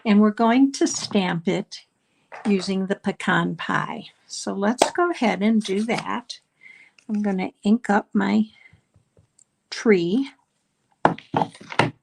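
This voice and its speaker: A middle-aged woman talks slowly through a live card-making class, explaining each step in a chatty, unhurried way with plenty of ums. Her pitch sits in a middle range for a woman. A faint hiss runs under her voice. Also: vocal fry. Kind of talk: live crafting class demonstration.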